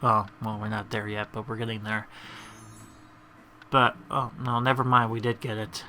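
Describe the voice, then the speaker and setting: A man's voice: lowish voice, little pitch movement, normal speed, pushed and bright, slight background noise. A man giving rambling, casual commentary over a video game, chuckling between tangents. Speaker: gamer.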